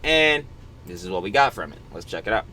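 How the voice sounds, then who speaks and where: A man's voice: on the low side, a little hiss or hum. A young man giving casual, slangy commentary as the host of a reaction channel. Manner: slangy, fast and animated.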